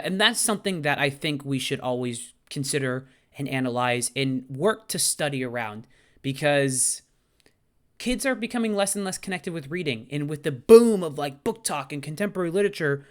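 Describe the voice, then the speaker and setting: A high school English teacher in his twenties answers viewer questions in a casual vlog. He's animated and outspoken, with some casual swearing.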